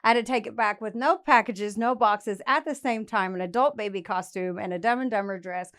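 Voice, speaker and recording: A woman's voice: mid-range voice, a little fast, fairly bright tone. A woman, telling stories in a chatty, self-mocking way. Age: 30s. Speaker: podcast co-host. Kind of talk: casual podcast chat.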